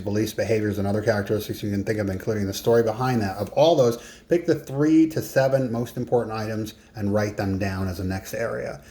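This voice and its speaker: A man with a somewhat low voice talks through a coaching lesson in a relaxed, conversational way. He leans on his points and throws in self-mocking asides. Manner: conversational and emphatic, with joking asides. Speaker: business and life coach. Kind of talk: casual coaching lesson to camera.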